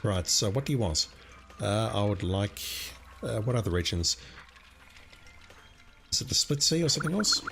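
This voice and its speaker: A man streaming a video game, musing to himself in casual commentary, his voice slightly hoarse. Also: fairly low pitch, normal speed, pauses often, soft background music. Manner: relaxed, musing to himself as he plays.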